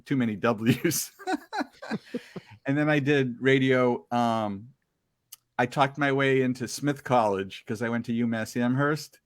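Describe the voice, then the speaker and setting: A middle-aged man tells old radio stories in an easy, chatty way. He is animated and slips into quick voices for the people in his tale. The sound is dry and close, with no room behind him. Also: medium pitch, no room sound. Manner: animated storyteller, acts out quoted voices. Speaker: podcast guest telling radio stories. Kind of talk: casual storytelling chat.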